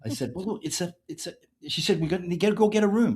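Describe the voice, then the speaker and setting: Fast and with few pauses, a high-voiced English man with an English accent tells a story as an author guest on a podcast. He's an animated storyteller who acts out the quoted dialogue.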